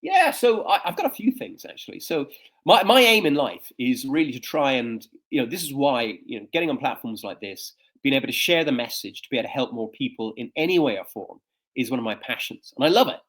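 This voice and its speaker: A man's voice: mid-range voice, fairly quick. Man telling stories with energy. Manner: animated storyteller with frequent fillers. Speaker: guest speaker and coach. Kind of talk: conversational interview storytelling.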